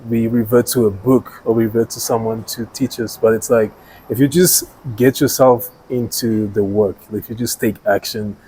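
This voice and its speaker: Low-voiced podcast host musing. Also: male voice, steady tone, normal speed, dark tone, breathy edge, poor audio. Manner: reflective, summing up with many fillers like "you know" and "like". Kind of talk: podcast interview.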